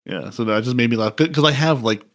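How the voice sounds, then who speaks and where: A middle-pitched man talking animatedly on a podcast. He piles up filler words, acts out little quoted voices and laughs often. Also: brisk. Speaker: podcast co-host. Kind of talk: casual chat.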